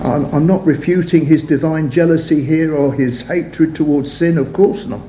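An older man preaching a sermon to a congregation in a church hall, measured, his phrases trailing off softly. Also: on the high side, slight background noise. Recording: echoey hall sound.

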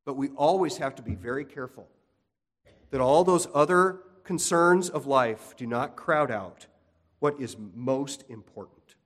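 A man's voice: mid-range voice, unhurried, in a large hall. A man preaching a sermon in an earnest way, repeating key points and often restarting his sentences. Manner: earnest, repetitive emphasis with frequent restarts. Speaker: pastor.

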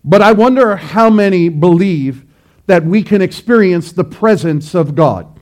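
A man preaching from the pulpit in a high voice, taking his time with each phrase. He presses his points with emphatic repetition and swells into loud, pleading cries. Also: animated, unhurried. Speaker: pastor. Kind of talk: sermon.

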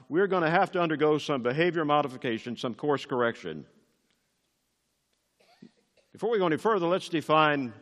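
A man's voice: fairly high pitch, in a large hall. An older man preaching a sermon as pastor, emphatic and rising on key words.

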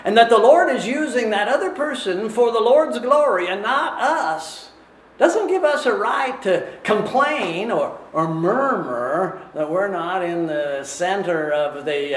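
A man preaching a sermon in a measured, deliberate way, often asking rhetorical questions. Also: high voice, expressive, echoey room, a little hiss or hum.

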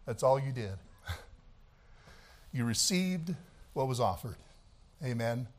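A man preaching a sermon, swinging between shouted, fiery passages and quieter, conversational talk. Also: mid-range voice, very animated, slow.

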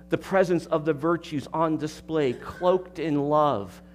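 High-voiced pastor preaching with emphatic questions. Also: male voice. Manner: emphatic, with repeated words and rhetorical questions. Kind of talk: expository sermon.

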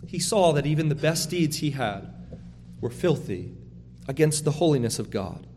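A man's voice: fairly high pitch, lively intonation, normal speed, a little mellow, big-room sound, slight background noise. A man preaching a sermon as a pastor, earnest and emphatic, often restarting his phrases as he drives a point home.

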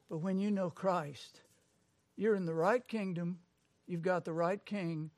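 A man preaching a sermon, swinging from low conversational asides to loud, proclaimed passages. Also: no room sound, studio quality. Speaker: pastor.

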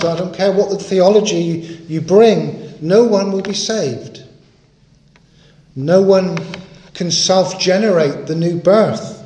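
A man's voice: high-pitched, a little mellow, reverberant. A man preaching a sermon in an earnest, emphatic way, stressing and repeating his key points.

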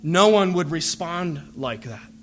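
A man preaching a sermon, earnest and measured, pleading with his listeners through repeated phrases. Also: on the high side, animated, fairly bright tone.

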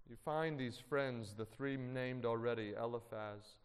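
A man pastor preaching a sermon earnestly, moving between hushed emotional storytelling and emphatic points. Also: medium pitch, measured pace, hardly any pauses, clean tone, long reverb tail.

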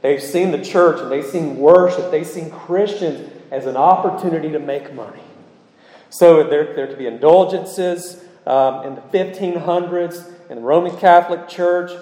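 A man preaches a sermon in a mellow, slightly high voice, pressing his listeners with rhetorical questions. His words ring out through a roomy church hall with a long reverb tail. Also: moderate pace. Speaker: pastor.

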